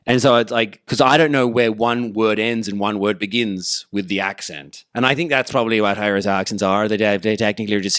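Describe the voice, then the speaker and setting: A man's voice: on the low side, steady tone, brisk, hardly any pauses, fairly bright tone, no room sound, studio quality. A man hosting a podcast, chatting casually and playfully, laughing often. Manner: playful, laughing, does silly voices. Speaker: podcast host.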